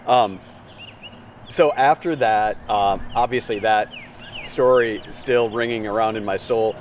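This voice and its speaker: A man preaching an Easter sermon as pastor, telling the story in an animated, dramatic way with big swings in pitch. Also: a little slow, distant mic, highs cut off, a little hiss or hum.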